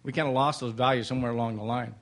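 A man's voice: mid-range voice, steady tone, rapid-fire. An older man in his seventies, a Vietnam veteran, giving an emotional, plainspoken public comment at a city council meeting.

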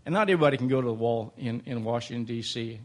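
A man's voice: medium pitch, racing. An older man in his seventies, a Vietnam veteran, giving an emotional, plainspoken public comment at a city council meeting.

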